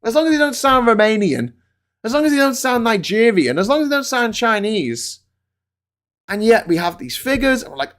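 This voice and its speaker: A middle-aged British man hosting a political livestream, ranting with swearing and swings between loud outbursts and low muttering. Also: sing-song, moderate pace. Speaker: political commentator host.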